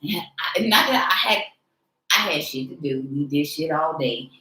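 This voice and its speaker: A woman's voice: sits low, expressive, moderate pace, roomy sound, background noise. A woman in her forties hosting a podcast in frank, slangy casual chat, laughing often. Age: 40s. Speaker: podcast host.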